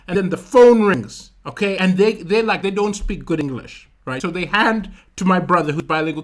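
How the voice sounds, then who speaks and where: Malawian man telling an animated story. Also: sits high, normal speed, hardly any pauses. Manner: animated storytelling with vocal sound effects. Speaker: comedian. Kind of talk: stand-up comedy livestream talking to chat.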